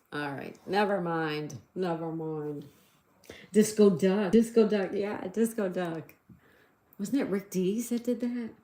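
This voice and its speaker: Her voice is low and mellow, with reverberation around it. She's a middle-aged woman hosting a casual livestream, chatty and giggly, reading out messages from the chat.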